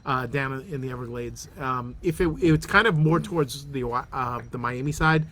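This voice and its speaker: A man with a Boston accent co-hosting a podcast, chatting in a relaxed, rambling way with lots of fillers. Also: mid-range voice, normal speed, slight background noise. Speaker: podcast co-host. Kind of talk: casual chat.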